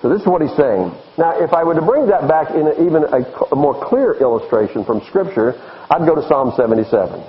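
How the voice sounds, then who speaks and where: A man, a pastor preaching a sermon with animated, emphatic delivery. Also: a little high, fast talker, lo-fi sound.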